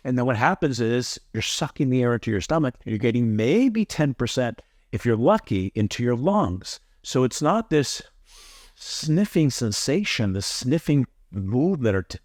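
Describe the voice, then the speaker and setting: A man's voice: medium pitch, very animated, moderate pace, a little mellow, no room sound, clean studio sound. A man teaching a yoga breathing tutorial, earnest and emphatic, often repeating his key points. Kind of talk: instructional tutorial.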